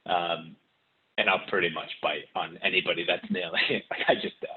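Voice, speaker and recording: A man's voice: deep voice, fairly even intonation, a little fast. A man talking as a podcast guest in loose, rambling casual chat, with many restarts. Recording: tinny remote line with hiss.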